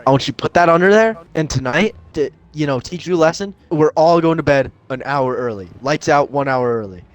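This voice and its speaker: A man's voice: fairly high pitch, animated, fairly quick, close to an everyday voice. A man voicing a hot-tempered young camp counselor who bosses kids around with swearing and dramatic threats. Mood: bossy.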